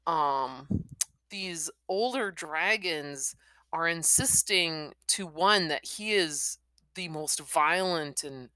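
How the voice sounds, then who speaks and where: A woman giving wry, animated commentary in a casual book discussion. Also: deep voice, slow pace, no echo.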